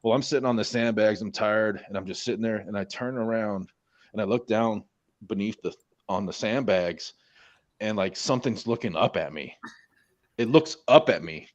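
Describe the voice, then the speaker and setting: A man's voice: lowish voice, moderate pace, lo-fi sound. Profane, rambling man on a stream. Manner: heavy swearing, rambling, many restarts. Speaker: Marine veteran guest. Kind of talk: casual storytelling among friends.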